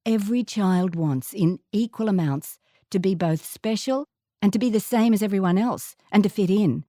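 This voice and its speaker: An older woman with an Australian accent reading her own life story aloud, measured and reflective. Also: mid-range voice, mellow, dry recording, studio quality. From Northern England, raised in Queensland. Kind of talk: first-person story reading.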